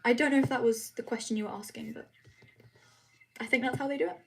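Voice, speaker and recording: A woman's voice: fairly high pitch, steady tone, quick pace, a little hiss or hum. A teenage girl from England chatting casually on a livestream as she reads and answers comments, often restarting her sentences. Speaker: livestream host. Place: home room.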